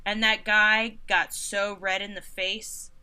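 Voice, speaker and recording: A concert photographer in her thirties tells stories as an interview guest, casual, animated and sarcastic, acting out other people's lines and saying "like" constantly. Her voice is medium in pitch and slow, with a slight hiss or hum in the background.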